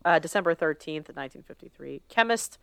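A woman's voice: low voice, animated, fairly quick, gravelly, a bit bright, clear, resonant tone, dry recording, studio quality. A woman co-hosting a casual podcast, reading through a list with loose asides and laughs. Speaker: podcast co-host.

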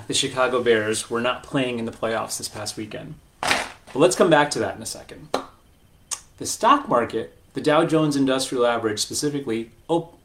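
A man who works as a financial advisor talks to camera in a chatty, joking way, full of asides. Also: mid-range voice. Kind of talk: casual talking-head video.

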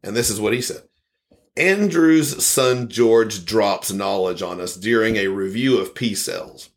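A man's voice: fairly low pitch, a little slow. A man hosting a podcast, reading listener comments aloud in a casual, rambling way and chuckling often. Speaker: podcast host.

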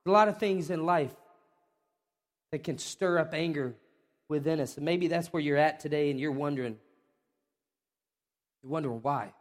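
A male pastor delivers a sermon in a fairly high voice, swinging from quiet reflection to impassioned, climbing questions. His words ring out with a long reverb from a large church hall. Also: moderate pace, pauses often. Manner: impassioned, voice rising sharply on the repeated questions. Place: church sanctuary.

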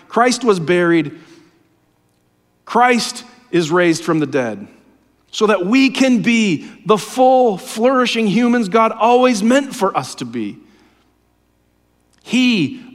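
Man preaching, high voice, impassioned then hushed, long church reverb. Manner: impassioned, often dropping to a hushed low voice. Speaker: pastor. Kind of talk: sermon.

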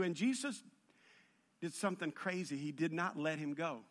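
A man preaching a sermon, telling the story in an animated, humorous way that builds in intensity. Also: a little high, moderate pace. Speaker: pastor.

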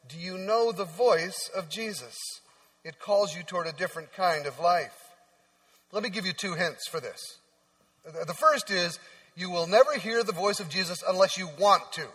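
A man with a fairly high voice delivers a sermon from the pulpit. He preaches in a chatty, storytelling way and often drops into soft, hushed tones. His voice rings out with the long reverb of a large church hall. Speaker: pastor. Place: church sanctuary.

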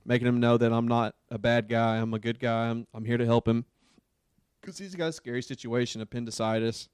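A man casually telling a long work story, rambling with fillers and getting animated as he acts out what people said. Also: medium pitch, a little fast, clear, resonant tone, no room sound, clean studio sound.

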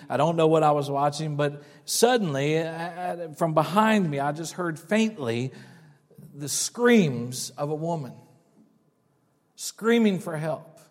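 A middle-aged male pastor with a high voice, preaching in an easy, storytelling way that keeps doubling back on its words. His sermon rings out with a long church reverb. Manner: conversational storytelling with frequent restarts.

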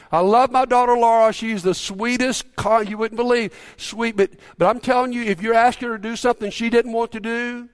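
A middle-aged pastor with a notably high voice delivers a sermon, retelling a story in a chatty, storytelling way. He often stumbles and restarts his sentences and tosses questions out to the congregation. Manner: conversational storytelling with repeated restarts and audience questions.

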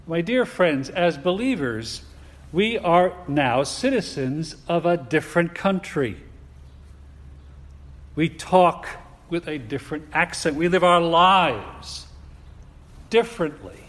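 A man preaching a sermon in a deliberate, emphatic way, asking his listeners rhetorical questions. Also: a little high, expressive, a bit bright. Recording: long hall reverb.

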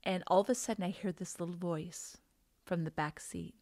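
A woman in her thirties or forties sharing an emotional faith testimony, earnest and sometimes hushed. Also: lowish voice, fairly even intonation, normal speed. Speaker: guest sharing her story.

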